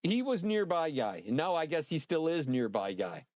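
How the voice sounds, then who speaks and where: Male livestream host, higher pitch, loose and excitable, cusses freely, dry lo-fi mic sound. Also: normal speed, no room sound. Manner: rambling and excitable, swears freely, talks straight to viewers. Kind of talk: casual livestream chat.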